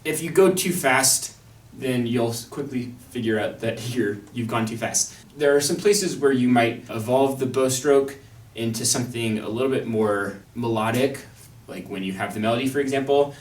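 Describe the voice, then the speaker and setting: Young male violinist-teacher, wry and thoughtful, mid-pitch, heard at a distance in a roomy practice space with a violin nearby. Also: normal speed. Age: young adult. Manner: thoughtful, wry, with fillers and restarts. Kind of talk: instructional talk on an orchestral excerpt. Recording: echoey room, mic at a distance.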